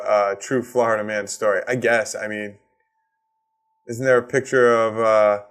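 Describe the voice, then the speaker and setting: A man from Massachusetts with a Boston accent, hosting a solo comedy podcast and ranting with heavy swearing and sarcasm. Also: medium pitch. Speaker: podcast host.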